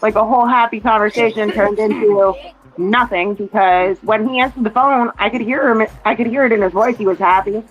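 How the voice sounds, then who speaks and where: Over a poor phone line, a woman casually rambles through a family story to a relative, repeating other people's words. This mother keeps a steady tone at medium pitch and talks fairly quickly.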